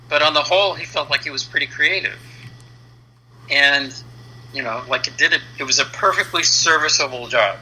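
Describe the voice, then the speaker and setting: A man's voice: fairly high pitch, normal speed, a little hiss or hum, rough recording. A man in his fifties, a comic book letterer and interview guest, casually telling an anecdote and acting out the dialogue. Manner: lively storyteller who acts out quoted dialogue.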